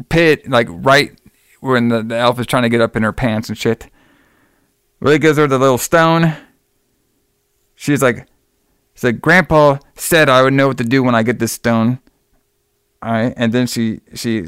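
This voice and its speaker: A young man casually recapping a film plot in loose, profane talk, slipping into quick voices for the characters. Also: medium pitch, a bit bright, clear, resonant tone, dry recording, clean studio sound. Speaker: podcast co-host recapping a movie.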